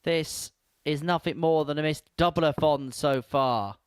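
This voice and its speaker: A man's voice: fairly high pitch, measured pace, smooth, no room sound, clean studio sound. A man commentating live darts with wry, joking banter.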